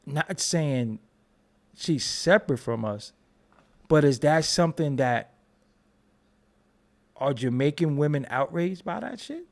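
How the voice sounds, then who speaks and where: An American man hosting a commentary channel, talking in an animated, emphatic and profane unscripted rant. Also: a little high, takes it slowly, vocal fry, long pauses. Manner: animated, emphatic, profane, talks over repeated restarts.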